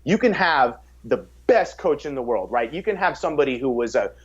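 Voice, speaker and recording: Male guest for a podcast chat, mid-pitched and energetic, restarts his phrases a lot, slightly muffled recording. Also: a little fast, husky. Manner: energetic, repeats words when starting sentences; acts out quotes in a raised voice. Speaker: fitness coach, podcast guest. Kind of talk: casual podcast conversation. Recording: slightly dull podcast audio.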